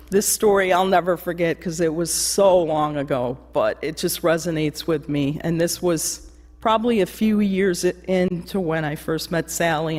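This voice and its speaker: A woman giving a memorial remembrance, telling funny anecdotes with laughs and acting out the voices of the people in them. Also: lowish voice. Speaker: eulogy speaker. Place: church. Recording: long church reverb.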